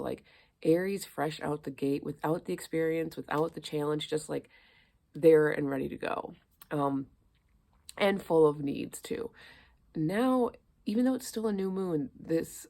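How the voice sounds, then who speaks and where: A woman with a low, gravelly, mellow voice talks through astrology in a loose, chatty way. She fills her sentences with little fillers and keeps asking rhetorical questions. She is recording indoors. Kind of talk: casual astrology talk. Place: indoors among plants.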